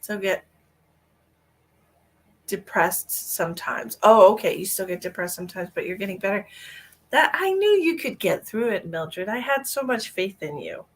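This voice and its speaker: A woman's voice: mid-range voice, expressive, moderate pace, slightly rough. A woman, a psychic medium, chatting casually on her live stream, greeting viewers by name and rambling through small talk.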